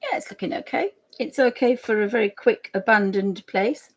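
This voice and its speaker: A digital artist streamer chats casually and giggles while drawing live for her viewers. Her voice is somewhat high and animated, moving at a moderate pace.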